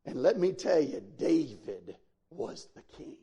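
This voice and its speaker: This pastor's voice is mellow and fairly high, with a measured pace and large pitch movement. Delivering his sermon, he addresses the congregation directly in a homespun way, building to abrupt, forceful swells.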